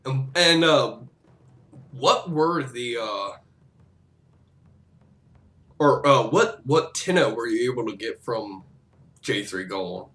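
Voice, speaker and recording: A man giving casual, excitable commentary over a game, swearing freely and breaking into laughs and shouts. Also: a little slow. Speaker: gameplay commentator. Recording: noisy low-quality game capture audio.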